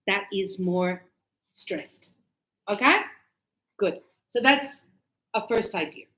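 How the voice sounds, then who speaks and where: A woman's voice: mid-range voice, slow pace, sharp tone, roomy sound, low-quality recording. A woman teaching English grammar, patiently explaining with repeated examples and frequent check-ins. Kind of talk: slow classroom explanation.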